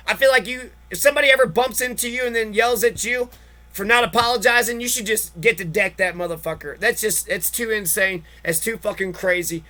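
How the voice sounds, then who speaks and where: Male podcast host, very high pitch, profane, exasperated political rant. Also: pushed and bright. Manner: heavy swearing, exasperated ranting.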